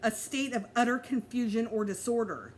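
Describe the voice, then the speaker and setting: A woman's voice: a little high, lively intonation, moderate pace, a little hiss or hum, natural voice. A woman voicing a grumpy, snooty teenage girl who talks haughtily and irritably. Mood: irritated.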